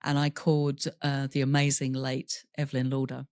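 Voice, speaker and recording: A woman's voice: very deep voice, completely flat delivery, normal speed, a little mellow, dry recording, studio quality. A woman guest on a podcast interview telling a personal story candidly, laughing through painful memories and acting out quoted dialogue. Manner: voices other people in quoted dialogue.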